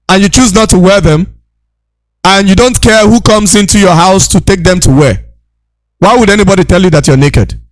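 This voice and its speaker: High-pitched man shouting rebukes. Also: dry recording. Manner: preachy, repetitive, shouting rebukes. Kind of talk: impassioned lecture.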